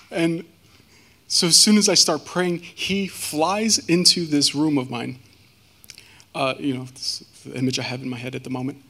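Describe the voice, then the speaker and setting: A man's voice: on the high side, fairly even intonation, fairly bright tone. Earnest man sharing a personal testimony. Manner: earnest, halting, with many fillers. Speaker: guest speaker.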